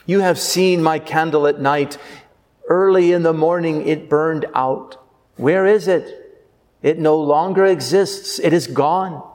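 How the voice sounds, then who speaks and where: A priest preaching a sermon with earnest delivery, slowing down for emphasis. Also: male voice, on the high side, a little mellow, in a large hall.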